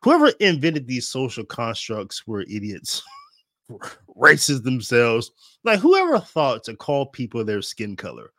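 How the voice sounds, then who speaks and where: A man's voice: medium pitch, wildly swooping pitch, unhurried, pushed and bright, no echo, studio quality. Groggy, rambling male show host. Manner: rambling, self-deprecating, chuckling. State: groggy after a nap. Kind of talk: casual livestream talk. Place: home studio in Germany.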